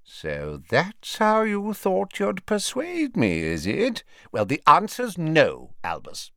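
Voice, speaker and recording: A man puts on a stout, vain old wizard in a storybook reading, his voice climbing high and blustery, swinging up and down as he puffs and draws out his words. The recording is dry and close, with no room sound. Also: huge pitch swings, slow, a bit bright, no room sound, heavily acted. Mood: gruff.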